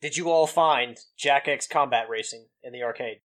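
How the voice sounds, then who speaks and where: A man's voice: medium pitch, moderate pace, a bit bright. A man with a Kentucky twang co-hosting a gaming podcast, joking and needling his friends. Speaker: podcast co-host. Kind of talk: casual gaming podcast chat.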